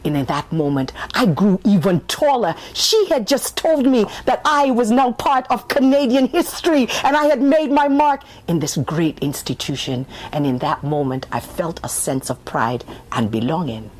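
A woman author telling a personal story in a conversational, animated way, speaking straight to her listeners. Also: medium pitch, moderate pace, hardly any pauses. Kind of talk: spoken-word personal storytelling.

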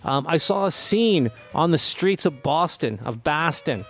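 A man from Canada hosting a radio show, talking in a loose, rambling way with plenty of ums and restarts. His voice sits a touch high for a man. Faint music plays softly beneath him. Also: lively intonation, measured pace. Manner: chatty, rambling, full of fillers and restarts. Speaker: radio host. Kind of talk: casual radio chat.

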